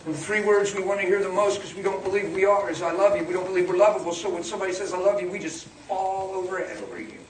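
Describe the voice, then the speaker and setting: A man's voice: sits high, steady tone, fast talker, few pauses. A middle-aged man preaching a sermon as pastor, emphatic and humorous, acting out little scenes for his congregation. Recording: echoey hall from far off with congregation noise.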